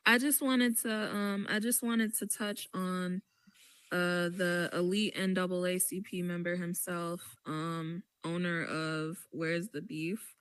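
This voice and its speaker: Slow, bright-voiced woman telling a story. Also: fairly low pitch, clear, resonant tone, no echo. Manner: emphatic, animated storytelling. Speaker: podcast host. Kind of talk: casual podcast chat.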